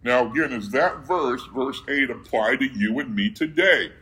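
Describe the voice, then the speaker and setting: A man's voice: medium pitch, normal speed, sharp tone, rough recording. A man preaching a sermon who reads scripture aloud and keeps asking his listeners questions, then answering them himself.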